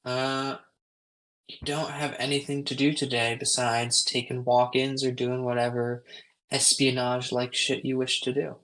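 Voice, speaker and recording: A man's voice: medium pitch, moderate pace, low-quality recording. A man narrating as game master in a tabletop role-playing session, with loose, filler-heavy delivery. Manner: relaxed, rambling narration with fillers.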